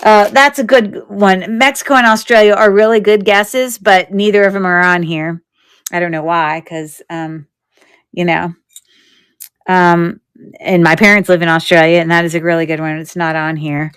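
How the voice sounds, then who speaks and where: A woman's voice: lowish voice, fairly even intonation, moderate pace, fairly bright tone, smooth. A woman hosting a live jewelry sale in casual, rambling chat, thinking aloud as she shows each piece.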